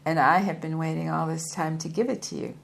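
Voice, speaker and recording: A woman's voice: deep voice, steady tone, brisk, gravelly, a little hiss or hum. A woman voicing a proud, hefty male yogi and former soldier who speaks formally and politely, calling his listener sir. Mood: earnest.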